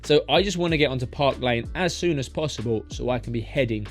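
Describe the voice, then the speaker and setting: A man's voice: mid-range voice, quick pace, music in the background. A man, a taxi driver chatting his way through his routes street by street in a driving vlog. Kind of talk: narrated driving vlog commentary.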